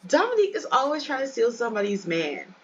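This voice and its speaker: A woman's voice: fairly high pitch, huge pitch swings, fast talker, slightly rough, lo-fi sound. Chatty woman narrating a life-sim game. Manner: chatty, addresses viewers as y'all. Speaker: let's play host. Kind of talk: casual game commentary.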